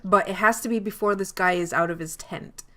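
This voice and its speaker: A woman's voice: medium pitch, fairly quick, a bit bright, a little hiss or hum. Woman plotting a scheme in a tabletop game. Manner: scheming, spelling out plans step by step. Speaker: player.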